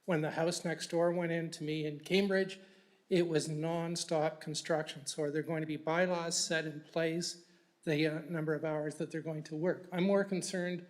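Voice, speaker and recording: A man's voice: a little high, little pitch movement, normal speed. A man speaking as a resident at a council meeting, joking at first and then asking pointed questions. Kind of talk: public comment. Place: council chamber.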